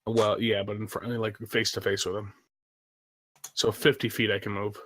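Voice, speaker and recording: A man's voice: lowish voice, little pitch movement, normal speed, a bit bright. A man playing a tabletop game, matter-of-fact as he works out his move. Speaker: player. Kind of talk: casual tabletop chat.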